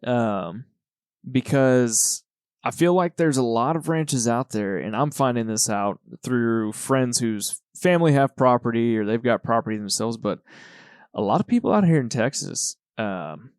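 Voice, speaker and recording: A man hosting a podcast, asking questions in relaxed conversational chat with some hesitant fillers. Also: medium pitch, a little slow, clear, resonant tone, no room sound, clean studio sound. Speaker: podcast host. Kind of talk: casual interview. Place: Texas.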